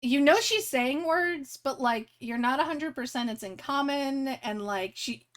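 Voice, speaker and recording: A woman's voice: sits high, lively intonation, measured pace. A young woman running a tabletop game on a live stream, rambling with many fillers and restarts. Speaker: game master.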